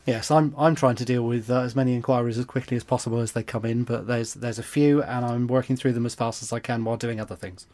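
A man's voice: mid-range voice, steady tone, fast, hardly any pauses, darkish tone. Cheerful chatty English man. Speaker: podcast regular, web admin. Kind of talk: casual chat.

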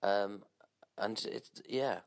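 A male podcast host quietly giving his closing thanks and sign-off. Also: on the low side, fairly even intonation, slow pace, gravelly. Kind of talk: closing remarks.

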